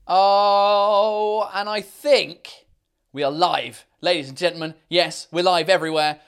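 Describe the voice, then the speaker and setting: A man's voice: on the high side, moderate pace, fairly bright tone, dry recording, clean studio sound, faint music behind. Rambling, cheeky man hosting. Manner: rambling, cheeky, swears freely, slips into French. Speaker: comedian podcast host. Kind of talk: casual live-stream chat.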